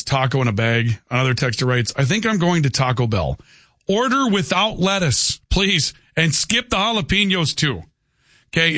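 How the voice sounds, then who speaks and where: A man hosts a radio talk show from a dry, close-miked studio, his voice sitting a bit high for a man. He argues his case with stubborn, deadpan persistence and doesn't give ground. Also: no echo. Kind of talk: call-in radio banter. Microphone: studio microphone.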